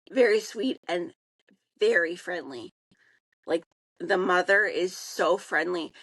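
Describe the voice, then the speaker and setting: A woman, co-hosting a podcast and telling a casual story in an animated way, acting out the people she quotes. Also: lowish voice, vocal fry, no echo, poor audio. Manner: animated, acts out quoted voices. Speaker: podcast co-host.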